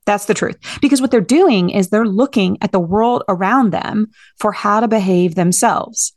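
An earnest woman delivers a parenting-advice monologue as a podcast host, speaking directly and steadily like a coach. Her voice sits in an ordinary middle pitch. The sound is dry, with hardly any room around it. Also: normal speed, a little mellow, no room sound.

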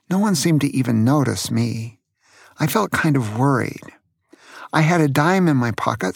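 An older man from California, a grandfather telling children about his youth in a gentle way and asking them questions. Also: mid-range voice, vocal fry, no echo, studio quality. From Santa Cruz, California. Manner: gentle, asks the listener questions. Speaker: grandfather storyteller. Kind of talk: storytelling to children.

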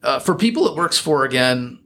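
A man's voice: medium pitch, sing-song, normal speed, pushed and bright. A middle-aged man with an American accent, chatting reflectively as an interview guest, full of fillers and restarts. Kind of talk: casual interview chat.

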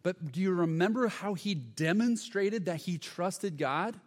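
A man's voice: sits high, animated, a little slow. A man preaching a sermon as pastor, earnest and emphatic, sometimes stumbling over his words. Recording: long hall reverb.

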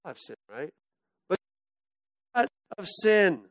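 High-voiced man preaching conversationally. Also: very animated, slow, no room sound. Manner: conversational, often dropping to a hush at phrase ends. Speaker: pastor. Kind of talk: sermon.

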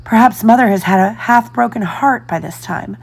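A woman voicing a gentle but firm, motherly young girl in a storybook reading. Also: a little high, normal speed, vocal fry, breathy edge.

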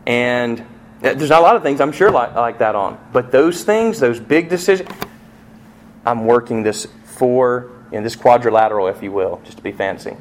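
A middle-aged man preaching to his church at a mid pitch, voice rising and falling as he acts out the stories he tells. A faint hum of room noise sits behind him. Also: lively intonation, normal speed. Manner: storytelling with vivid acted-out quotes and swings in loudness. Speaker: pastor. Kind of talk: sermon.

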